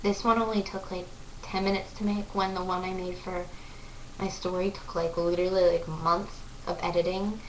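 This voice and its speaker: A young woman vlogger excitedly telling a story to the camera, gushing and full of "like" fillers. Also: fairly low pitch, moderate pace, recorded from a distance, slight background noise. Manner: breathless, gushing, lots of "like" fillers. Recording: echoey room, voice off-mic.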